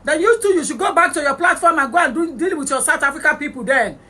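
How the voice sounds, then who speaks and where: A woman's voice: high voice, fast, sharp tone. A woman with a Nigerian Yoruba-English accent, hosting a heated livestream rant, scolding her viewers and switching between English and Yoruba. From born in England. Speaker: livestream host.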